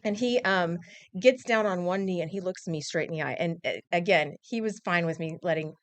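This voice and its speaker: A woman's voice: on the low side, a little fast, no echo. A woman in her forties, a news anchor, chatting casually on air and telling a story with acted-out quotes. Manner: animated storyteller, acts out quotes. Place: TV news studio.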